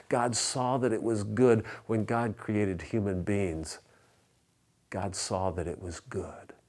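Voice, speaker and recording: A low-pitched man preaching from the pulpit of a church. He speaks in a measured, reflective way, and his voice sinks almost to a whisper on the sayings he repeats. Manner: measured preaching with soft, hushed repeated refrains. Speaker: pastor. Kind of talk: sermon. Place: church sanctuary.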